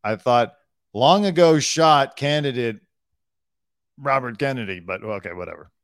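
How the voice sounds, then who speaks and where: Man, comedy news podcast co-host, casual banter, mid pitch, dry recording. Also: expressive, a little slow, dry recording. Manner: jokey, acts out quotes in put-on voices.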